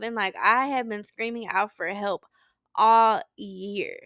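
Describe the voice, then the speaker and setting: A woman's voice: medium pitch, steady tone, a little slow, fairly bright tone, no echo, clean studio sound. A woman hosting a podcast, talking candidly about her week in a personal check-in, rambling with restarts and tearful. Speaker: podcast host. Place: Saint Louis.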